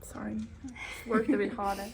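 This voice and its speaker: A woman in her twenties vlogging in a relaxed, chatty way, talking while she walks and moves around outside. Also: mid-range voice, normal speed, creaky, low-quality recording. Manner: chatty, relaxed, talks while walking and moving. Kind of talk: casual vlog narration. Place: outdoors in the sun. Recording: outdoor noise behind.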